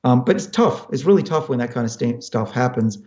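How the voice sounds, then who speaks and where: This fifties-aged Australian scientist, a guest whose accent shows American-sounding turns, is animated and fairly quick as he thoughtfully explains his work in answer to audience questions, often restarting. His medium-pitched voice is a little mellow. Expect an echoey room and a muffled recording.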